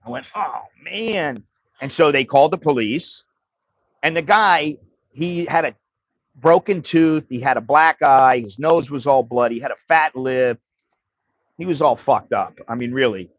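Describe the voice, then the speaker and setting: A man's voice: mid-range voice, normal speed, no echo, muffled recording. A man hosting a livestream, telling a story in a blunt, profane, casual way. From United States. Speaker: livestream host.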